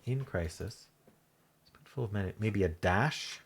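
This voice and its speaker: A man thinking aloud as he solves a crossword, muttering in halting self-talk with half-voiced asides. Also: lowish voice, lively intonation, slight background noise. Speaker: crossword solving channel host. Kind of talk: thinking aloud while solving a puzzle.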